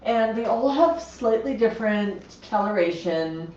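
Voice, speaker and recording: Slow-talking woman in an echoey room. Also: medium pitch, lively intonation, darkish tone, a little hiss or hum. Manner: chatty, explains bird behavior while talking to her parrots. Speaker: livestream host with pet parrots. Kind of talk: casual livestream chat. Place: home room with parrots. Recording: echoey, slightly dull lo-fi sound.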